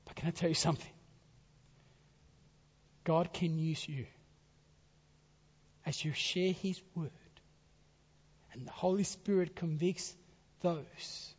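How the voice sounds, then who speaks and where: A man preaching a sermon, swinging between forceful emphasis and hushed, whispered phrase endings. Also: on the high side, fairly even intonation, slow pace, long pauses, husky. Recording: dull sound in a reverberant hall.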